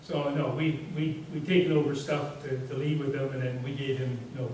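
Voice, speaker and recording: In a fairly quick, mid-range voice with a darkish tone and little pitch movement, a male guest speaker rambles through a casual storytelling presentation. He leans on "you know" fillers and anecdotes, recorded from afar in an echoey hall with faint hiss.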